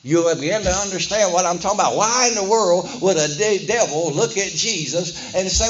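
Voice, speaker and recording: A man's voice: high voice, expressive, fairly quick, few pauses, fairly bright tone. A man preaching a sermon as pastor, emphatic and calling on the congregation to answer back. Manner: emphatic call-and-response preaching. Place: church. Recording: echoey dull church sound.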